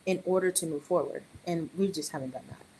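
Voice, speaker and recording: A middle-aged woman and early childhood educator, chatting on a podcast in an animated way with joking asides. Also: low-pitched, quick pace, a little hiss or hum, low-quality recording. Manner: animated, joking asides, quotes others in raised voice. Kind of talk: casual podcast conversation.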